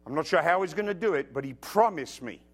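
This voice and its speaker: A man preaching a sermon, emphatic and quoting scripture, who drops to a hush and then rises into loud bursts, with humorous asides. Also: a little high, lively intonation, fast talker, breathy edge.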